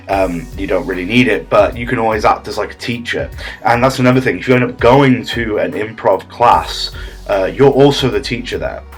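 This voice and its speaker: A man's voice: medium pitch, breathy edge. A man delivering a comedy monologue as a smug, self-important improv teacher, rambling with many fillers and restarts.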